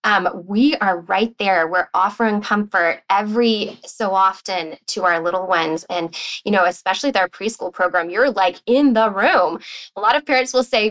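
A woman's voice: medium pitch, moderate pace, fairly bright tone, rough recording. Chatty woman sleep consultant. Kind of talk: podcast conversation.

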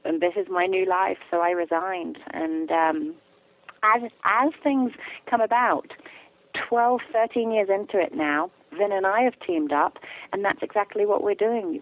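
A woman guest talking casually in an interview, telling stories with lively acted-out quotes. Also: mid-range voice. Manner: animated storyteller, acts out quotes. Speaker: guest, animal communicator. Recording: tinny phone line, dry.

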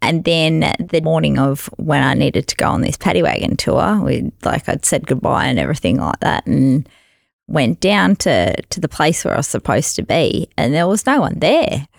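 Podcast host, woman, young, laughs mid-story, low and creaky. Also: animated, moderate pace, no echo, studio quality. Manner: chatty, laughs through her own stories. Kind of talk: casual storytelling chat.

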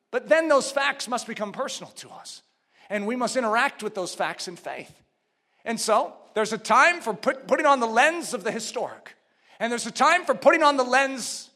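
A preacher man with a very high, bright, forceful voice delivers a sermon. He shouts key points, then falls to quiet, low asides. He builds rhythmic runs of repeated phrases. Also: lively intonation, normal speed. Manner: swings from loud shouted emphasis to hushed low asides.

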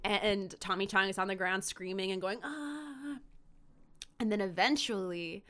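A woman's voice: medium pitch, normal speed, clear, resonant tone. A woman co-hosting a podcast, retelling a TV episode in casual chat and acting out the quotes. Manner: animated storyteller acting out quotes. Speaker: podcast co-host.

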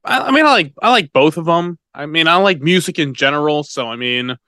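Male podcast host, chatty, quick to laugh, voice bouncy. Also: on the high side, animated, bright, forceful tone, dry recording, clean studio sound. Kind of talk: casual chat.

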